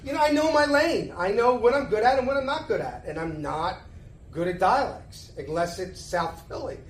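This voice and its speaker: A middle-aged man with a Philadelphia accent, a guest telling stories in a casual interview, lively and acting out the lines of others. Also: high voice, normal speed. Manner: animated storyteller who acts out dialogue. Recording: roomy echo, faint background noise.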